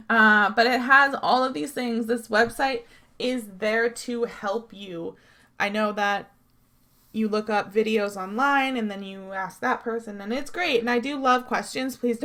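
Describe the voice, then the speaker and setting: A woman's voice: mid-range voice, a bit bright. A tired woman talking through a gaming tutorial in a chatty, rambling way, swearing and laughing freely as she goes. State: tired, yawning. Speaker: game mod tutorial creator. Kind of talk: casual screen-recorded gaming tutorial.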